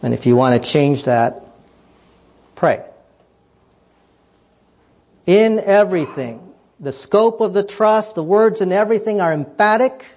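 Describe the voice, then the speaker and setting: A man preaching a sermon, asking pointed rhetorical questions and swinging between fervent high emphasis and quiet, low asides. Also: lively intonation, unhurried, pauses often. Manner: emphatic, rhetorical questions, rising passionately then dropping low.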